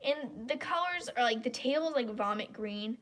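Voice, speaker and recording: A woman's voice: on the high side, expressive, normal speed, fairly bright tone. A woman hosting a casual live stream, talking in a blunt, opinionated, rambling way. Her throat is stuffed up and congested.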